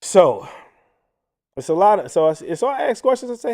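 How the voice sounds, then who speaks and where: A man's voice: sits high, measured pace. A man hosting a casual commentary livestream who talks to viewers directly and often restarts his sentences. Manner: animated, frequent restarts, addresses viewers as y'all. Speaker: livestream host.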